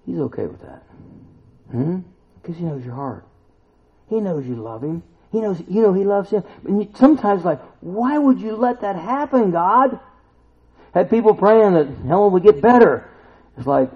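Gravelly preacher on a tinny line. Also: male voice, on the high side. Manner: emphatic, rising to loud exclamations and rhetorical questions. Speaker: pastor. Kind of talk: sermon. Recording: tinny phone-like recording.

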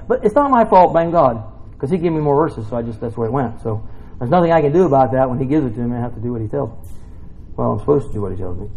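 Animated man preaching with a lively voice. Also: medium pitch, low-quality recording. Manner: animated and jokey, rambling asides. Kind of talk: casual sermon.

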